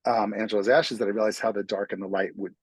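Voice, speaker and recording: A man's voice: on the low side, steady tone, fast, breathy edge, no echo, poor audio. A man from New York City, an author, telling self-deprecating stories as an interview guest. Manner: self-deprecating storyteller with frequent restarts. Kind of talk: casual interview conversation.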